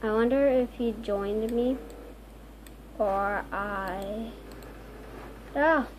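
Woman host, high voice, unhurried delivery, excitable gameplay commentary with squeals. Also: slight background noise. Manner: excitable, frequent squealing exclamations. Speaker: gaming video host.

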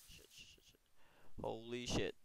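A man's voice: measured pace, poor audio. A man commentating his own gameplay, frustrated, cursing and talking to himself. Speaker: gamer. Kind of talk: let's play commentary.

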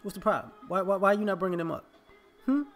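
A man's voice: high-pitched, fast talker, faint music behind. A man, delivering an emphatic, confrontational opinion monologue as a vlogger.

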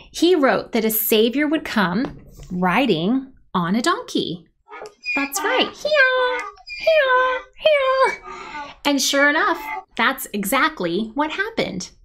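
A woman leading a children's worship service, telling a Bible story with lively sound effects and cheers for the kids to join. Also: sits high, unhurried. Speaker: children's ministry leader.

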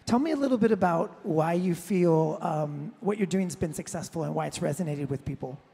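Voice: mid-range voice, a little fast, gravelly, mellow, husky, long reverb tail. An interviewer asking long, curious questions in a live on-stage interview. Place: large event hall with audience.

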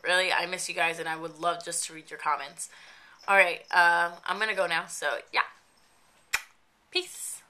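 Young woman vlogger, congested and a bit raspy, bright low-pitched voice, rambling casual update. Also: fairly even intonation, fairly quick. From New Jersey. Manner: chatty, rambling with many fillers. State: stuffy nose, slightly raspy. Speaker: makeup vlogger.

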